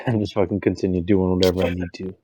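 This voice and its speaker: A man's voice: low-pitched, flat delivery, fast, mellow, slight background noise. A man playing a tabletop game, talking brashly, crude and cocky. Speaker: player.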